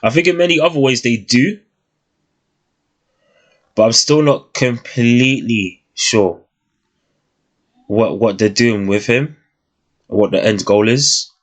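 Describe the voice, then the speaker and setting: A young man giving a casual, thoughtful review of a TV series, often pausing and restarting his sentences. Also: mid-range voice. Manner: thoughtful, hesitant, many restarts and fillers.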